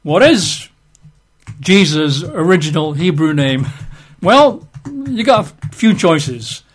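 A man's voice: a little high, big pitch swings, slow pace, breathy edge. A man giving an informal Bible teaching, chatty and wry, spelling out names letter by letter. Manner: conversational, wry asides, spells out words letter by letter.

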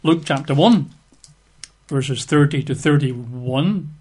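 A man's voice: medium pitch, slow, a little mellow, slightly rough. A man giving an informal Bible teaching, chatty and wry, spelling out names letter by letter. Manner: conversational, wry asides, spells out words letter by letter.

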